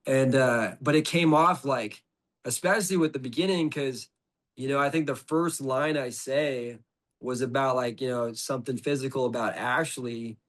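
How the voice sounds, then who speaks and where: A man's voice: mid-range voice, moderate pace. A middle-aged man, a podcast guest, telling a story in casual conversation, rambling with lots of "like" and restarts.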